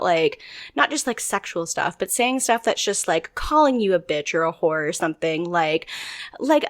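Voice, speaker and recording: A woman's voice: medium pitch, dry recording, clean studio sound. A young woman co-hosting a podcast, chatting candidly and swearing freely. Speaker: podcast co-host. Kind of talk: casual chat.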